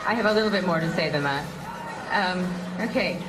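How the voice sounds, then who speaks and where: A woman's voice: on the low side, a loud crowd, low-quality recording. A woman in her fifties from the US Midwest, delivering a prepared, reflective tribute speech. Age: 50s. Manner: measured, reflective. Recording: music clearly behind.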